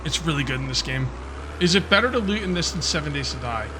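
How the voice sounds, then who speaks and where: A man's voice: fairly high pitch, animated, fast, background noise. A man from Central New Jersey with a New Jersey accent, chatting casually as he plays a game, thinking aloud with restarts and fillers. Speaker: gaming channel host. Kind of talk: casual let's-play commentary.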